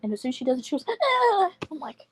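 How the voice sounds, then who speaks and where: A woman's voice: sits high, very fast, dark tone, husky, poor audio. A young woman chatting casually on a livestream, rambling through stories with restarts. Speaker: livestream guest.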